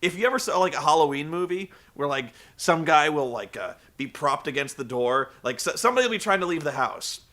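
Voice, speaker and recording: A man casually recapping a wrestling show, rambling and profane, telling the story with animated energy. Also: a little high, brisk, hardly any pauses.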